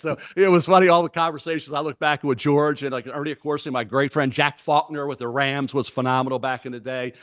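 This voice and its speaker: Older man, Baltimore accent, rambling rapid talker, slightly high voice. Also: steady tone, a bit bright. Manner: rapid, rambling, name-dropping. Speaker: guest, draft analyst. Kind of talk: casual radio interview chat.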